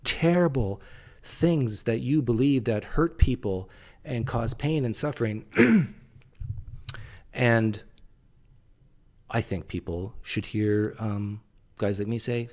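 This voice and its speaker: A man with a strained, tiring voice giving casual commentary, clearing his throat often and dropping sarcastic asides. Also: medium pitch, animated, a little slow, pauses often, a little mellow. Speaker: channel host critiquing a recorded conversation.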